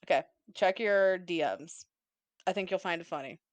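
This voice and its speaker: A woman's voice: fairly low pitch, moderate pace, dry recording. A woman co-hosting a podcast in casual chat, playful and rambling, swearing freely. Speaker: podcast co-host. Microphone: desk mic, typing nearby.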